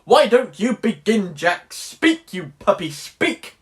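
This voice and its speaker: A young man putting on a pompous, barking old 18th-century gentleman scolding his son. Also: sits high, big pitch swings, slow, voice pushed up, full character voice. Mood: blustering.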